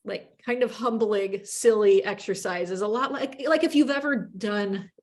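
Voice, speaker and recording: A woman with an upper Midwestern accent talks as a radio journalist being interviewed. Her pitch sits at an ordinary middle height. She speaks in lively quick bursts and keeps correcting herself mid-sentence. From upper Midwest of the United States. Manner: chatty and animated, quick bursts with self-corrections and laughs. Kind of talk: casual interview answers.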